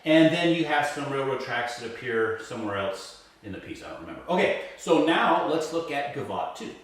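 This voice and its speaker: A man's voice: medium pitch, lively intonation, fairly quick. Man teaching violin in an echoey room. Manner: patient, explanatory, checks in with frequent "right?". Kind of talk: step-by-step music lesson. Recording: roomy echo, mic set at a distance.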